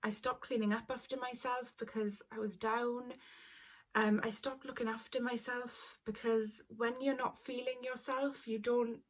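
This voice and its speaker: A woman's voice: fairly high pitch, level tone, measured pace. Young woman, twenties, confessional vlogger: earnest, apologetic, close to tears at times. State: tearful at times. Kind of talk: personal confessional story.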